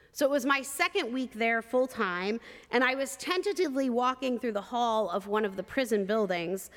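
A woman preacher telling a personal story in a sermon, measured and expressive with vivid detail. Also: on the high side, big-room sound.

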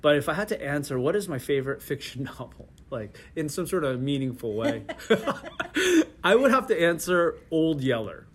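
A middle-aged man answers interview questions in an easygoing way, his voice sitting somewhat high for a man. He restarts sentences often and breaks into laughter as he talks. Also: expressive, moderate pace. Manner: hesitant, many restarts and laughs. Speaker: interview guest. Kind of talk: casual conversational interview.

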